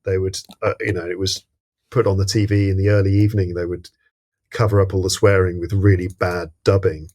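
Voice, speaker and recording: A man from England hosting a podcast, recounting film scenes in a relaxed, amused way. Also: deep voice, fairly quick. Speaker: podcast host. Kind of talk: casual film discussion.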